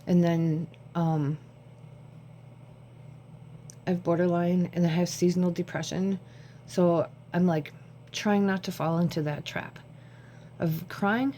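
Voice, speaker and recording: A woman's voice: fairly low pitch, fairly even intonation, takes it slowly, pauses often, mellow, slight background noise. A woman vlogging to her phone at home, talking casually and rambling from thought to thought, short on sleep. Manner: rambling, jumps between thoughts. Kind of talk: casual talk to camera. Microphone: phone camera.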